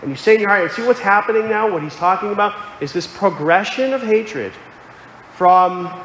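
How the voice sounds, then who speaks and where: A man's voice: sits high, lively intonation, moderate pace, fairly bright tone, a little hiss or hum. A man preaching a sermon, earnest and explanatory, quoting scripture aloud. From Connecticut. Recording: echoey hall with faint ambience.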